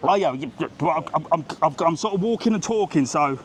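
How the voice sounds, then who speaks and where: A man's voice: on the high side, lively intonation, fairly quick. A British man livestreaming a travel vlog as he walks a resort strip, ranting bluntly and swearing casually while greeting people. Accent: British English. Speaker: travel vlogger. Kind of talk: live street walk-and-talk vlog. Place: outdoors on a busy resort strip. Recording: faint street noise behind the voice.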